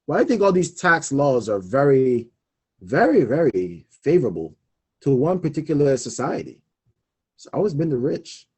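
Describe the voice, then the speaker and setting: A man's voice: fairly high pitch, very animated, moderate pace, a little mellow, husky. A young man hosting a personal finance talk show, speaking animatedly and emphatically, laughing often and repeating key points. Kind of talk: casual solo talk on money.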